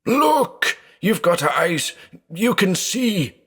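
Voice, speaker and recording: A man's voice: sits low, lively intonation, a little slow. A man voicing a terrified old blind man who reasons anxiously, then breaks into frantic shrieks. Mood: shrieking. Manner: fearful, rising to frantic shrieks.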